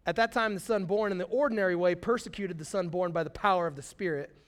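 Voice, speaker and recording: A young man preaching a sermon in a casual, animated storytelling way, full of slang and acted-out quotes. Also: high-pitched, fast talker. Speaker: pastor.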